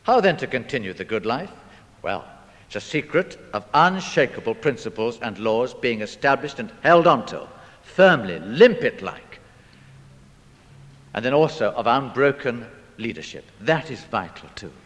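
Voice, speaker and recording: A man's voice: medium pitch, sing-song, normal speed, big-room sound. A man preaching a sermon, quoting scripture and pressing his point with rhetorical questions and dramatic delivery.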